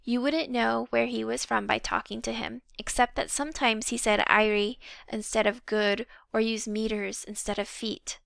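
Gravelly bright-voiced woman reading a storybook. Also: a little high, steady tone, normal speed, few pauses, no room sound. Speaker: audiobook reader. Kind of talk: storybook narration.

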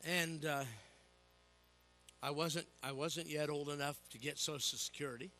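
Forceful older preacher telling stories. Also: male voice, a little high, moderate pace, faint music behind. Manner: animated storytelling with humor, calling out "Amen?". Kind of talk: sermon.

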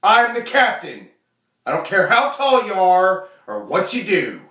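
Man doing a domineering big brother, loud, higher and strained, shouting orders, echoey room, distant mic. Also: wildly swooping pitch, measured pace, heavily acted. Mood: commanding. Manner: shouting, commanding. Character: tough older brother laying down the law.

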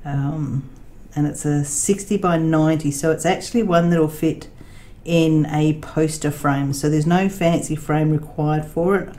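A woman chatting casually with her viewers, with many fillers, sometimes talking to her dog in a high baby voice. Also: fairly even intonation, measured pace, hardly any pauses, warm tone. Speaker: craft vlogger. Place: home laundry room. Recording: echoey room with faint noise.

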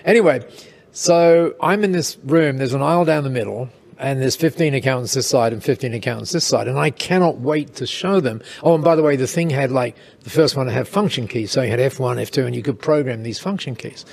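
A man telling a casual anecdote in an interview, lively, with chuckles and quick asides. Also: medium pitch, gravelly. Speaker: interview guest, storyteller.

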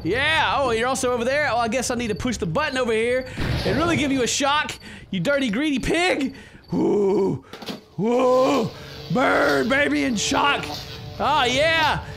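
A young man giving goofy let's-play commentary, yelling and joking at the game. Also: extremely high pitch, a little slow, creaky, soft background music. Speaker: gaming commentator.

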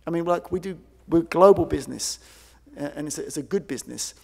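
A man giving a conference keynote, telling stories in an animated way and acting out quoted voices. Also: fairly high pitch, fast, gravelly. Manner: animated, acts out quoted voices, many fillers. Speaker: keynote speaker. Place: large conference hall. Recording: long hall reverb.

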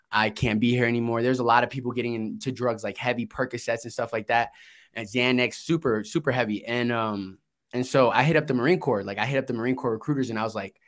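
Man guest, grew up in Florida, easygoing storyteller, salty language, plays out conversations, average pitch. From Florida, United States. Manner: laid-back, swears, acts out quoted dialogue. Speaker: guest, investing entrepreneur. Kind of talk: casual storytelling interview.

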